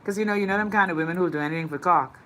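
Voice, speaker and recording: A woman's voice: lowish voice, racing, fairly bright tone, slight background noise. A woman with a Bahamian accent hosting a live chat show, reading out viewer comments in a sassy, blunt, swearing way.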